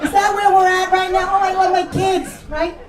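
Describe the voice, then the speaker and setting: A woman's voice: extremely high pitch, level tone, moderate pace, noisy background. A middle-aged woman with a New York accent doing a profane, mocking stand-up comedy set in a club. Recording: echoey room mic heard from a distance, crowd laughter. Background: audience laughing.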